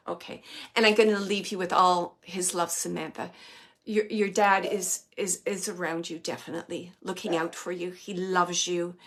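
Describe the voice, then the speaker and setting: A woman giving a psychic reading to viewers from her home. She speaks gently and reassuringly and often stops to restart her sentences. Her pitch and pace stay in an ordinary middle range. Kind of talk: live online psychic reading. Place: home, with a small dog nearby.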